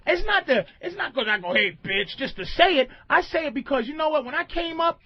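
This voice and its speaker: A man hosting a radio show, ranting loudly and emphatically, swinging between booming shouts and low mumbles. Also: expressive, fairly quick, no room sound, lo-fi sound. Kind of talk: loose comedic radio rant.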